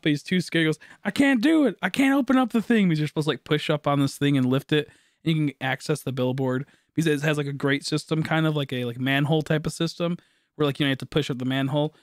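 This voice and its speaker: Rambling giggly young man, higher voice. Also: steady tone, fast talker, dry recording, clean studio sound. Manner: rambling, laughing often, swearing. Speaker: streamer. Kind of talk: casual storytelling on a live stream.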